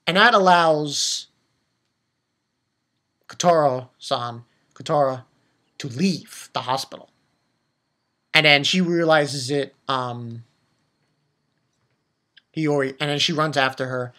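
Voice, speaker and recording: Anime reviewer, casual episode recap, rambling, restarts a lot, emphatic, mid-pitched voice. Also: slow, long pauses, a bit bright. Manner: rambling, with frequent restarts and fillers; emotional and emphatic about the story.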